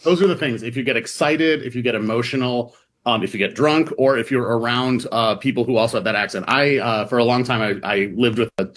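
This Midwestern man is a reporter appearing as a guest on a radio interview, talking in a chatty, conversational way packed with fillers and "like." His voice is medium-pitched, brisk, and a bit bright.

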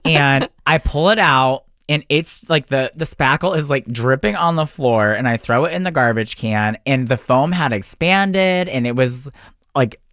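Guest, male baker, mid-pitched, rambling anecdotal delivery, dry room. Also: a little slow, fairly bright tone, no echo. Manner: chatty storyteller with frequent restarts. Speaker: small-business cookie baker. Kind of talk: casual interview chat.

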